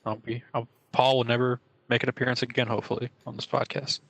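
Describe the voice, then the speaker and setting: A man's voice: mid-range voice, level tone, fast, creaky, fairly bright tone, no echo, poor audio. A young man co-hosting a casual podcast, telling stories with lots of fillers and hedges. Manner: rambling storyteller, many fillers. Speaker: podcast co-host.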